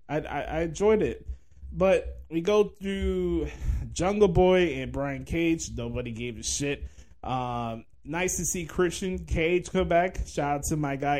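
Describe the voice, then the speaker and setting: A man's voice: fairly high pitch, a little mellow. A man hosting a podcast, giving a blunt, profane, sarcastic wrestling commentary rant. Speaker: podcast host.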